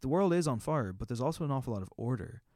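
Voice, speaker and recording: A man's voice: mid-range voice, expressive, fast talker, dark tone, no room sound, studio quality. A man in casual conversation, rambling through his thoughts with lots of fillers and swearing. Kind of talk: casual chat.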